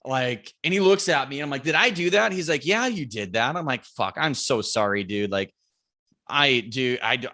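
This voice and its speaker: A man, a podcast guest, telling a lively hunting story and acting out what everyone said, swearing freely. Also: medium pitch, moderate pace.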